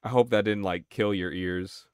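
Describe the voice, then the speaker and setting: A young man chatting casually on his game live stream, excitable, swearing and reacting to chat. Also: fairly low pitch, normal speed, clean tone, no room sound, studio quality.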